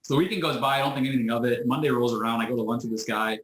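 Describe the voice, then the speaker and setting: A man being interviewed over a video call, telling a story in a lively way, acting out the people he quotes and often restarting his sentences. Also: medium pitch, racing, a little hiss or hum. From United States. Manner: animated storyteller who acts out quoted voices, frequent restarts. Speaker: interview guest, business owner. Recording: roomy echo.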